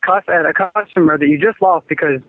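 A man's voice: fairly high pitch, fairly quick, dry recording. A man on a phone call, complaining and growing exasperated, often stammering. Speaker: prank call target. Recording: tinny phone line with faint hiss.

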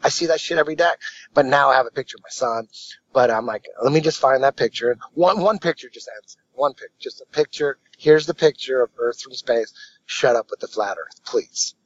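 Man, podcast guest, rambling, profane, mid-pitched, dry and slightly muffled sound. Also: brisk, no echo. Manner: rambling storyteller, casual and profane. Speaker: martial arts instructor, podcast guest. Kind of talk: casual podcast interview.

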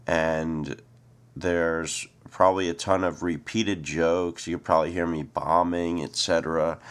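A man casually wrapping up a recording of his own comedy sets, offhand and relaxed, with many fillers. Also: low voice. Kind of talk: casual spoken outro.

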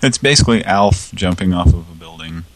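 A man's voice: low voice, fairly quick, a little hiss or hum. A man co-hosting a casual comedy show, rambling and giggling through his jokes. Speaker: podcast co-host.

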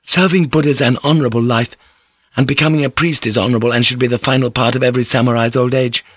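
A man's voice: medium pitch, brisk, a bit bright, breathy edge, dry recording, clean studio sound, voice pushed up. A man reading an audiobook, voicing a nervous man who poses as a haughty priest and scolds the guards indignantly.

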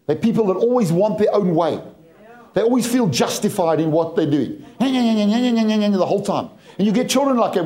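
Man, higher-pitched voice, English, preaching a sermon, humorous storytelling. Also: warm tone. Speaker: pastor.

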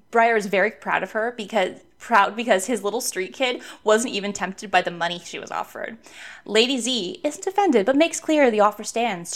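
A woman's voice: medium pitch, fairly bright tone. A woman co-hosting a podcast, recapping a book chapter in casual chat, laughing often and enthusiastic. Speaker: podcast co-host.

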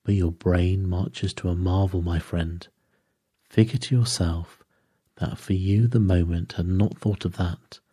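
A fussy, dapper middle-aged detective, as a man puts him on for an audiobook, precise and prim, jumping up into high exclamations. The base voice underneath is deep, husky and dark, recorded close and dry. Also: fairly even intonation, unhurried, no room sound. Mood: fussy, animated. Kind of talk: audiobook character voice.

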